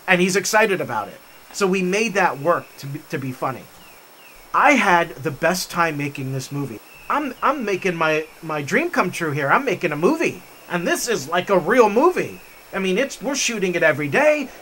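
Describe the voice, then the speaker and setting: A man hosting a vlog, telling a story with animated enthusiasm while he hikes through a forest. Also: high-pitched, normal speed, a little hiss or hum. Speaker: vlog host. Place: forest trail outdoors.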